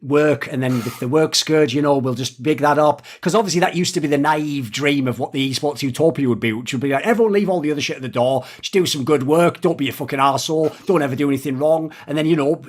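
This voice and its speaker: A man hosting a talk video, ranting fast with profanity and sarcasm, often mocking others in put-on voices. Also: fairly high pitch. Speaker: esports commentator and video host. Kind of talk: animated ranting commentary.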